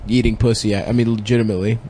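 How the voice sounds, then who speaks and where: A man's voice: lowish voice, flat delivery, very fast, dark tone, slight background noise. A man co-hosting a comedy podcast, giggling often through crude, loose jokes. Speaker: podcast co-host. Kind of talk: casual comedic banter.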